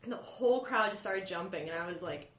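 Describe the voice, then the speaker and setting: A young woman co-hosting a podcast, telling stories in casual, animated chat. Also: lowish voice, brisk. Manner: chatty and animated storyteller. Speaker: podcast co-host. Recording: roomy echo.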